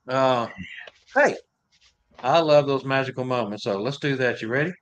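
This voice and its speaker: A man's voice: mid-range voice, normal speed, long pauses. Texas guy hosting a live show, easygoing, laughs at himself. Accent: Texan. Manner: good-humored, chuckling at himself. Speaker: host. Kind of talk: casual live-stream talk.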